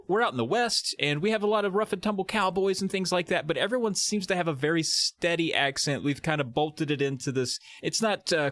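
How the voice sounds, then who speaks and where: A man's voice: on the high side, fairly bright tone, dry recording. A man co-hosting a podcast, giving wry, casual commentary on a movie. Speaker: podcast co-host. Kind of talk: casual movie recap chat.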